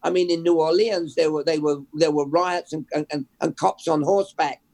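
A man, a journalist guest telling animated anecdotes in an interview. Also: a little high, normal speed. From England. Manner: animated, anecdotal, repeats words as he builds. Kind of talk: interview storytelling.

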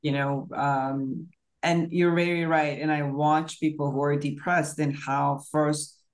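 A woman's voice: low-pitched, level tone, slow pace. A woman hosting a podcast interview, a therapist, talking in a reflective way with searching phrasing and you-know fillers. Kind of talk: conversational interview.

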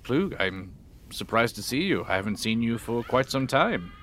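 A man's voice: medium pitch, very animated, normal speed, a bit bright. An anxious small-town mayor, played by a man running the game gushes with eager relief. The voice sits a touch above the man's usual register, and faint hiss runs under it. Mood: earnest. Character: nervous, fussy human town mayor.

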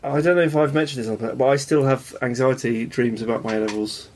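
A man's voice: mid-range voice, steady tone, brisk, a little mellow, slight background noise. Laughing podcast host man. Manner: playful, laughs often. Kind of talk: casual chat.

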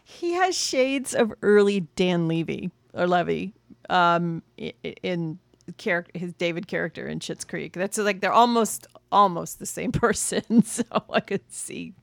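A woman co-hosting a casual movie review chat, relaxed and hesitant with frequent ums. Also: fairly low pitch, measured pace, vocal fry, dry recording. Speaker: podcast co-host.

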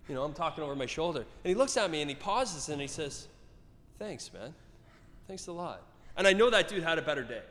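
A man's voice: fairly high pitch, very fast, few pauses. A middle-aged man from Canada, a gym owner chatting in an interview, rambling and swearing with lots of restarts. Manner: rambling, profane, animated storytelling with many restarts. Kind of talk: casual interview chat. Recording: echoey hall reverb.

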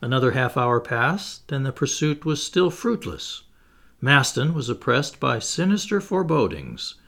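A man reading a classic novel aloud as an audiobook narrator, in a measured storytelling manner. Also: medium pitch, sing-song, vocal fry, a bit bright. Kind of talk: scripted narration.

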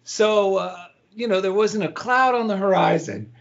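A man co-hosting a talk show, telling an animated story and acting out his own inner voices. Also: high-pitched, moderate pace, creaky, muffled recording. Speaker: podcast co-host. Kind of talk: casual chat.

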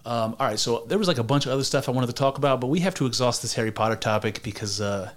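A man's voice: mid-range voice, rapid-fire. A man co-hosting a podcast, chatting casually and enthusiastically, rambling with restarts and the odd swear word. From United States. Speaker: podcast co-host. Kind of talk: casual chat.

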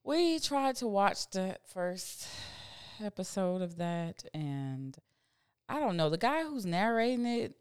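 A woman's voice: mid-range voice, big pitch swings, slow, clean tone, dry recording, clean studio sound. A woman co-hosting a podcast, chatting casually and reacting bluntly. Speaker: podcast co-host. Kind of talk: casual chat.

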